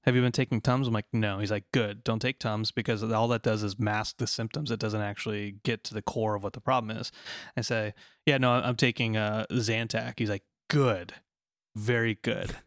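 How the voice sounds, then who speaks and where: A man's voice: on the low side, steady tone, normal speed, no echo, clean studio sound. A man in his thirties chatting casually and joking, often laughing. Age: 30s. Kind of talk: casual chat.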